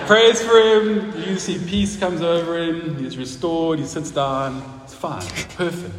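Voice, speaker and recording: A man's voice: on the high side, fairly even intonation, a little slow, few pauses. A man preaching a sermon in a church hall, talking conversationally and putting questions to the congregation. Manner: conversational, asks the congregation questions, laughs at own stories. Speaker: pastor. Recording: roomy hall with long reverb, faint noise.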